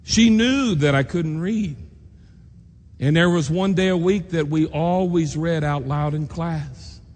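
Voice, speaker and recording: A man's voice: on the high side, slow, darkish tone. Earnest man preaching in a reverberant hall. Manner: earnest, emotional, acts out quoted voices. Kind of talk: personal storytelling sermon. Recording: long reverb in a large hall, faint noise.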